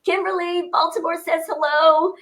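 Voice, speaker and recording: A woman's voice: very high-pitched, steady tone, normal speed, a bit bright. A woman co-hosting a casual fitness livestream, upbeat and greeting viewers by name.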